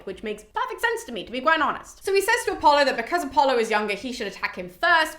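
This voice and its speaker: A woman's voice: a little high, a bit bright. A young British woman casually retelling a classic poem as a podcast host, chatty and swearing freely. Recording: roomy echo.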